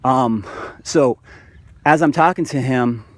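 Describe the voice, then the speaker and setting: Man of medium pitch, fired-up preachy vlogger who rambles and restarts, keeps saying "guys". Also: slow pace. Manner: addresses viewers as "guys". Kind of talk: spiritual monologue to camera.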